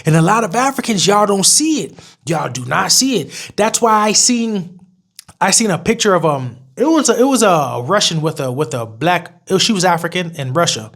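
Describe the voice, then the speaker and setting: A man's voice: high voice, animated, normal speed, vocal fry, fairly bright tone. A young man ranting bluntly to camera in a casual vlog, swearing freely. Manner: blunt and profane, with mocking put-on voices. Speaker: vlogger. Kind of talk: casual opinion rant to camera.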